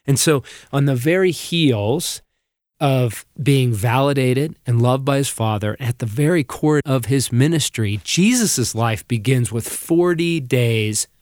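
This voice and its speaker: Guy on a faith podcast walking through scripture, earnest, mid-pitch voice, dry close sound. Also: darkish tone, no echo. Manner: earnest, reads scripture aloud slowly. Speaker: podcast co-host. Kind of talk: reflective Bible teaching.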